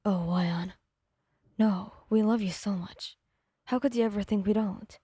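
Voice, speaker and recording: A woman voicing a gentle, caring young man in an ASMR fanfic reading, speaking softly with concern. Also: medium pitch, normal speed, husky, no echo, studio quality, lightly acted. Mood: tender.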